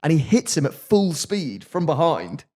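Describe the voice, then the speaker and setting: A man's voice: on the high side, big pitch swings, normal speed, a little mellow. Wry male podcast storyteller. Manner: chatty, wry, jokey retelling.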